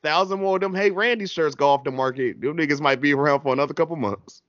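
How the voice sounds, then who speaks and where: A man's voice: fairly high pitch, fast, a bit bright, no room sound. A man hosting a casual wrestling recap podcast, talking in a laid-back, slangy way and laughing often. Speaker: podcast host. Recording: dull lo-fi dry sound.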